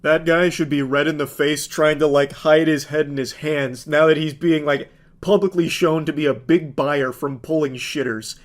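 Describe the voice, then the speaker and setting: A man's voice: fairly high pitch, fairly even intonation, moderate pace. A man giving sarcastic, incredulous comedic commentary on video clips.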